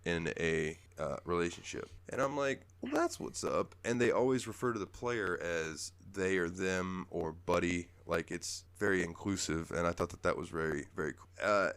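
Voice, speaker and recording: A man with a very low voice chats on a podcast and tells stories with lively energy. The sound is dry and close, with no room around it. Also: moderate pace, hardly any pauses, clean tone, no room sound. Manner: animated storytelling, puts on character voices. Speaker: podcast host. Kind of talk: casual chat.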